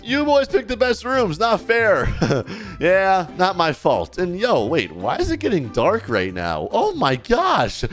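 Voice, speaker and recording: Excitable young man narrating game role-play. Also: high-pitched, unhurried, soft background music. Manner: excitable, jokey, reads chat aloud. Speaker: gaming YouTuber. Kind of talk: role-play gameplay commentary.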